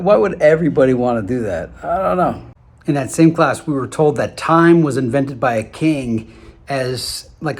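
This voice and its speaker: A man's voice: mid-range voice, a little mellow. Man musing in a casual monologue. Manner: musing, slows down to stress points, acts out quotes. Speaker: vlogger.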